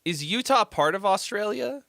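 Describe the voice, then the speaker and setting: A man with a bright, forceful voice chats on a livestream, swinging his pitch all over as he rambles and jokes with plenty of swearing. The sound is dry and close. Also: expressive, normal speed, gravelly, no room sound. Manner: rambling, profane, joking. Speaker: host giving song feedback. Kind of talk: casual livestream chat.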